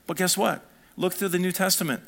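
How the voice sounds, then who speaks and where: Man preaching a lively sermon. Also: high voice, a little fast, creaky. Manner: animated preaching, swinging between soft and fired-up. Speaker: pastor.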